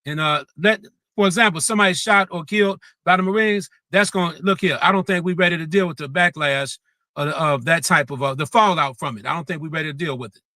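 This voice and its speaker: A man's voice: a little high, fast talker, pushed and bright, no room sound. A man speaking as a talk show guest, making his point with many "uh" fillers and emphatic repeats. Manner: frequent "uh" fillers, emphatic repetition. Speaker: guest commentator. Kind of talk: remote talk show discussion.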